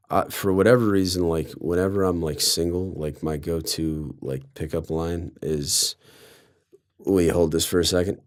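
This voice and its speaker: A young man from Colorado telling a story on a podcast, loose and sarcastic, filling his talk with "like". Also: deep voice. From Colorado, USA. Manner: loose, sarcastic, heavy use of "like". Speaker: podcast guest. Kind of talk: casual storytelling.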